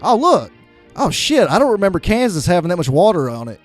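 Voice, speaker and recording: A man co-hosting a live commentary, speaking in a slightly raised register and full of sarcasm and casual swearing. He keeps breaking into goofy impressions of the characters. Soft film music plays faintly behind him. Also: high-pitched, sing-song, fairly quick. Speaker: co-host. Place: home livestream setup.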